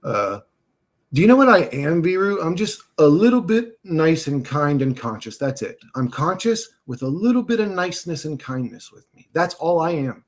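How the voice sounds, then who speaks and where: A man's voice: fairly high pitch, very animated, moderate pace. Agitated, profane man ranting on stream. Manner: agitated, profane, talks back to chat comments. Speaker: livestream host reading chat. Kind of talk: casual livestream rant.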